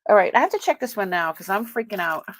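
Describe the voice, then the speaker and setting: A woman's voice: mid-range voice, very animated, brisk, no echo. A woman hosting a live-stream sale, chatting as she unboxes and tests items, exclaiming often and laughing as she goes.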